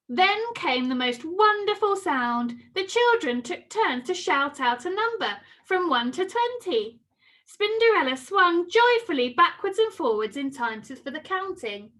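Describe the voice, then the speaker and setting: Lively high-voiced woman reading a story. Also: a little slow. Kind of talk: reading a children's story aloud.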